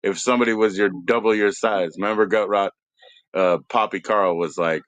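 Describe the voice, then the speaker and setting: A man's voice: lowish voice, a little fast, a bit bright, dry recording. A man hosting a live stream, rambling in profane casual chat and laughing often.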